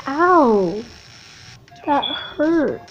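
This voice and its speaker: A woman's voice: high voice, big pitch swings, very slow, fairly bright tone, lo-fi sound, faint music behind. Jumpy woman playing a horror game. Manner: nervous, jumpy, giggly. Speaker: gamer.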